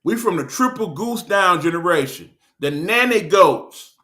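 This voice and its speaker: A man's voice: high voice, expressive, measured pace, bright, forceful tone. A man with a Detroit accent hosting his own online show, ranting in a blunt, profane, joking way. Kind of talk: casual ranting monologue.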